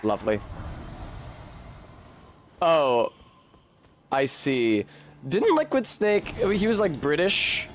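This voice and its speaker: A man's voice: on the high side, huge pitch swings, slow, pauses often, slight background noise. A man streaming a video game, chatting casually in a rambling, profane and wry way. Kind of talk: casual gameplay commentary.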